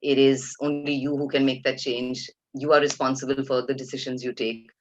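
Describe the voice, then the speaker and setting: A woman in her fifties with an Indian English accent, guest speaker telling animated anecdotes and acting out quotes. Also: rumbling low, brisk, a little hiss or hum. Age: 50s. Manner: lively storyteller, acts out quotes, laughs often. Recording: dull lo-fi webinar audio.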